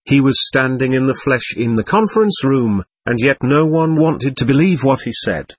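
Husky guy reading a story out loud, lively ups and downs, dry close sound. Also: medium pitch, normal speed, no echo. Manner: steady, expressive reading. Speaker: narrator. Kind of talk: first-person storybook narration.

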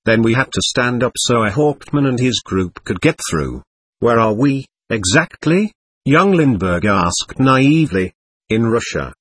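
A man reads a first-person war story in a measured, even way. His voice is husky and his pitch moves a lot. The recording is dry and close. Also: no room sound. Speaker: audiobook narrator. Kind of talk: scripted narration.

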